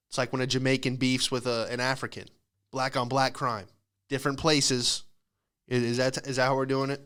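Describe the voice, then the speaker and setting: Young male comedian, podcast host, sarcastic rant, smooth clear voice, mid pitch. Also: a bit bright. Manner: sarcastic ranting, quick asides. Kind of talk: casual comedic monologue.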